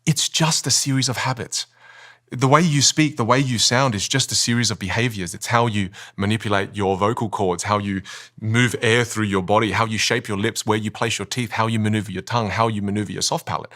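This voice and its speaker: A man's voice: lowish voice, fairly even intonation, brisk, sharp tone. A man who coaches communication, explaining with energy and emphasis in a podcast interview and often asking rhetorical questions.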